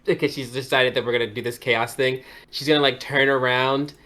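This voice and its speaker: A man's voice: medium pitch, level tone, a little fast, bright, forceful tone. A man describing his character's actions in a tabletop game, rambling and giggly. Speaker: player. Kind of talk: casual tabletop play.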